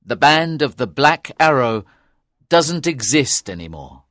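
Guy doing a stern outlaw bowman in a storybook, firm and loud, lively pitch. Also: unhurried, no room sound, clean studio sound. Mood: calm. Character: grim outlaw archer seeking revenge.

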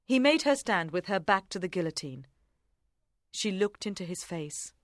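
A woman narrating an audiobook in a measured, even way. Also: mid-range voice, no room sound, clean studio sound. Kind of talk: audiobook reading.

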